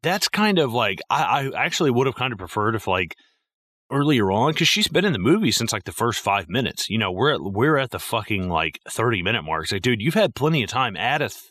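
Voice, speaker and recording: A man's voice: medium pitch, big pitch swings, brisk, a bit bright, no room sound, studio quality. A man co-hosting a podcast, talking casually and profanely about a film with lots of fillers. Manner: rambling and profane, with many fillers. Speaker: podcast co-host. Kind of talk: casual movie-review chat.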